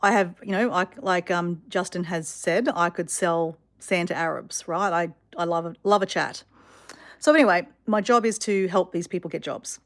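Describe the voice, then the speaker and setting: A woman telling a story to her viewers in a chatty, animated way with many fillers. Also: fairly low pitch, normal speed. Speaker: vlogger.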